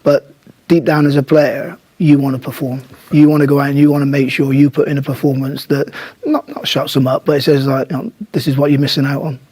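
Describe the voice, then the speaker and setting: A man studio pundit speaking in a measured, earnest way about the game. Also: medium pitch, steady tone, dark tone, breathy edge, dry recording.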